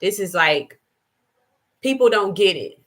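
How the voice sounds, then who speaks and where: Bright, emphatic woman preaching healing. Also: mid-range voice, animated, unhurried. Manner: emphatic and repetitive, preacher-like cadence; shifts into soft, gentle asides to her child. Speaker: spiritual live-stream host. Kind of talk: impassioned spiritual monologue.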